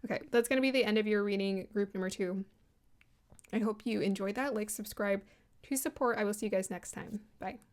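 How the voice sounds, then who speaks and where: Gentle woman giving a card reading. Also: medium pitch, brisk. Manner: gentle, flowing, spiritual talk with soft laughs. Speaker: tarot card reader. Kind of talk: casual spoken card reading.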